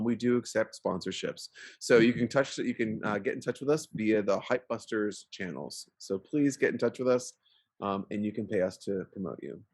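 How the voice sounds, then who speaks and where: A man's voice: medium pitch, husky. A man co-hosting a podcast in casual chat, rambling with lots of fillers and restarts. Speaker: podcast co-host.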